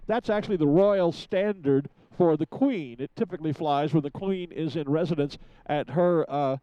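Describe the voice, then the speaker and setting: A man giving chatty live commentary from a rooftop studio, pausing often with fillers. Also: fairly high pitch, smooth, no room sound, lo-fi sound. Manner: chatty, hesitant with many fillers. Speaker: event commentator.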